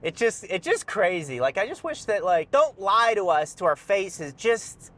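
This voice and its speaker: A man's voice: sits high, sing-song, a little slow, a bit bright. A young man rambling and joking through a casual driving vlog from inside his car. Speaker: vlogger.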